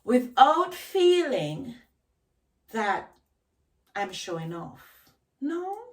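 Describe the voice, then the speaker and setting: A woman's voice: fairly high pitch, big pitch swings, very slow, far from the mic, rough recording. A woman vlogger giving a reflective talk on self-knowledge, emphatic, asking rhetorical questions and repeating key phrases. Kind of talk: reflective solo talk to camera.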